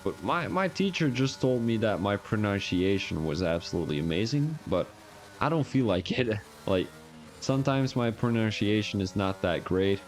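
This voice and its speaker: A man's voice: lowish voice, animated, normal speed, soft background music. A man with a Belgian accent giving rambling, joking, self-mocking commentary on a live-streamed sim racing league.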